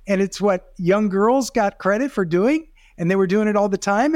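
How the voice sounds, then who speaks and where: A man's voice: high voice, a little mellow, dry recording, studio quality. A middle-aged man, a video coach, explaining as a podcast guest in casual talk, demonstrative with rising and falling emphasis.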